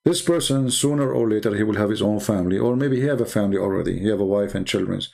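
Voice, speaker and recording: A man's voice: on the low side, quick pace, vocal fry, darkish tone. A middle-aged man whose first language is Arabic, hosting a late-night livestream, tired with a strained voice, talking in an emphatic, preachy way with non-native grammar. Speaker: online debate show host.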